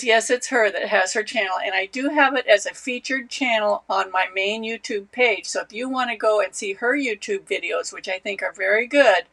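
A woman hosting a knitting live stream, chatting casually and greeting viewers by name. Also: medium pitch. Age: older. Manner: warm, chatty, reads out viewer names.

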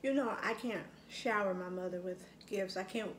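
A middle-aged mukbang vlogger speaks at a moderate pace in a mid-range voice, with a little hiss or hum on the recording. Chatting casually while she eats at home, she grows reflective and reminisces, using lots of fillers, in an echoey room with faint ambience.

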